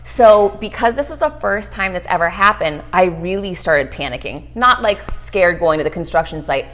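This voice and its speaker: A middle-aged woman guest telling a story fast and animated in an interview, acting out quotes as she goes. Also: fairly low pitch. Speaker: guest, author and speaker.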